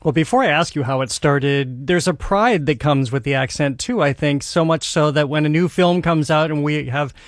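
A man with a Boston accent hosts an interview, asking measured, thoughtful questions. His voice sits a little high. The sound is dry and close. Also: dry recording. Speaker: radio host.

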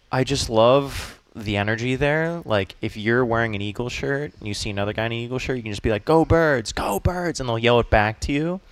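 A man from Boston, a comedian guest in a casual radio interview, telling animated stories and acting out quick voices. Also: mid-range voice, smooth, no echo.

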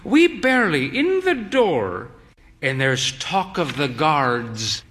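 A man's voice: fairly high pitch, very animated, slow pace, a bit bright, full character voice. Man voicing a genteel, arch old woman. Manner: drawling, arch, long-suffering. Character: elderly woman, genteel, theatrical, weary.

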